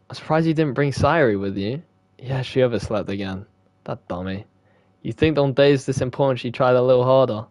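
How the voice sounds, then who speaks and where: A man's voice: medium pitch, brisk, darkish tone, dry recording. A young man reads a visual novel aloud and swears freely between lines. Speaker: gaming streamer.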